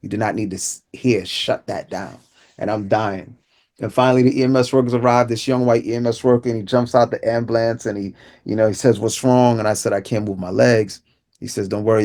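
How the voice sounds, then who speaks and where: Low-voiced man telling a personal story. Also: darkish tone. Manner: vivid storyteller acting out dialogue. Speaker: inspirational speaker. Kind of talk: personal testimony.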